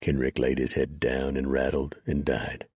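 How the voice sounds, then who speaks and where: A man narrating an audiobook in a steady, unhurried storytelling manner. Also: rumbling low, husky, no room sound, clean studio sound.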